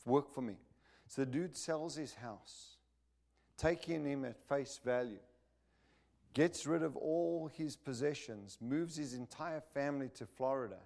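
A man's voice: mid-range voice, a little slow, gravelly, darkish tone. Man, preacher, sermon, emphatic, punchy repetition, mid-range voice. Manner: emphatic, punchy, drives points home with repeated phrases; asks the listeners for agreement.

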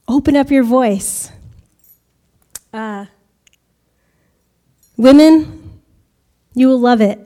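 American lady telling a church crowd about her mission trip, chatty, giggly, voice sits a bit high. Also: extremely slow, pauses often, dark tone. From United States. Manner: chatty and laughs often. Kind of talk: testimony talk to a congregation.

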